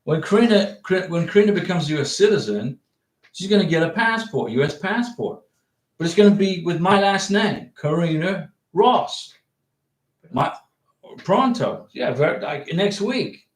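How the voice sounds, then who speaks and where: A man's voice: high voice, expressive, normal speed, reverberant. A man hosting a livestream, chatting casually and answering viewer comments, rambling and repeating his points emphatically. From United States. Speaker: livestream host giving visa advice.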